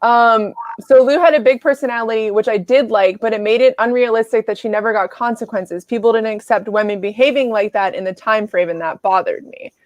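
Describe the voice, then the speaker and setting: A woman's voice: on the high side, brisk, hardly any pauses, dry recording. A woman hosting a casual livestream book club, chatting loosely, swearing now and then and acting out quotes.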